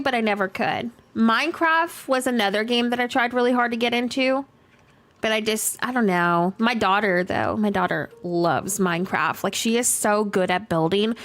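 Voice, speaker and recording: A woman's voice: on the high side, a bit bright. A young adult woman streaming a game, chatting casually with viewers, full of fillers, laughing often and reading chat aloud. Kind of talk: casual livestream chat while gaming. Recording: faint music behind.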